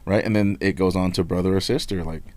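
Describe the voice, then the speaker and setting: Low-voiced guy from nevada, middle-aged, chatting candid and blunt, dry mic. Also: fast talker, no room sound. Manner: candid and animated, blunt words, repeats himself. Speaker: union leader, podcast guest. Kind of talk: casual interview chat.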